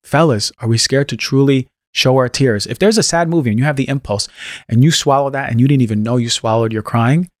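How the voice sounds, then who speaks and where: A man's voice: mid-range voice, fairly quick, no room sound. Emphatic man in a dry studio. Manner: emphatic, acts out quoted voices. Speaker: podcast guest, health practitioner. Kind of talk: impassioned casual talk.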